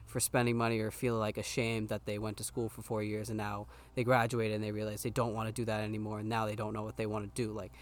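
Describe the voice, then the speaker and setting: A man's voice: fairly low pitch, completely flat delivery, fast, hardly any pauses. A young man in casual podcast chat, opinionated and emphatic, saying "like" a lot. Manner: opinionated, emphatic, says "like" often.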